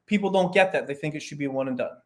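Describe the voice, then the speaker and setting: A man in casual podcast talk, telling a story with a lively, rising and falling voice. His pitch sits a little high for a man, and he breaks up his explanations with quick asides. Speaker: performance coach guest.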